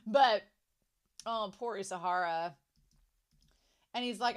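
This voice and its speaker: A young woman giving casual, rambling reaction commentary on an anime episode, excitable and quick to laugh. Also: on the high side.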